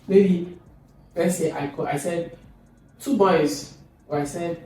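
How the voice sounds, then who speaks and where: A man teaching a recorded lesson, lively and demonstrative, often pushing his pitch up on example phrases. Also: measured pace, pauses often, slight background noise. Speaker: English teacher. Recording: echoey room from a distance.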